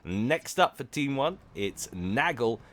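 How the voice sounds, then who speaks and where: A man's voice: mid-range voice, big pitch swings, slow pace, fairly bright tone. A man, casting a strategy game replay in a chatty, rambling, self-deprecating way. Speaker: game caster. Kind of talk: casual game commentary.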